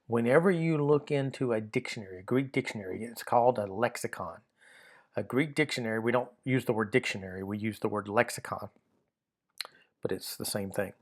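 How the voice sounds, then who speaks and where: A man's voice: medium pitch, normal speed. A man teaching a recorded grammar lesson, explaining patiently and often repeating words and saying "uh" and "um".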